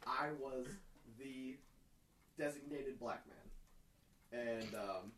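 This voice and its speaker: A man's voice: mid-range voice, slow. A young man hosting a casual podcast chat, joking and laughing often. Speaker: podcast host. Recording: echoey room, distant mic, noisy.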